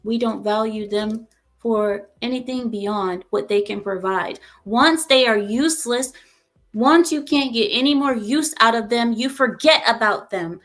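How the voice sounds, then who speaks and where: Heated woman host ranting in reaction commentary, pitched a bit high. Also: a little slow, fairly bright tone. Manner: heated, emphatic, repeats herself.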